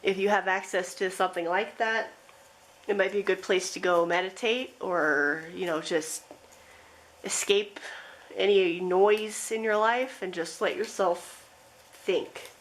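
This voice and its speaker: Woman tarot reader, soft rambling delivery, everyday mid pitch, casual and unscripted. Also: steady tone, measured pace, rough recording. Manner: rambling, gentle, with frequent fillers and soft laughs. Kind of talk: pick-a-card tarot reading.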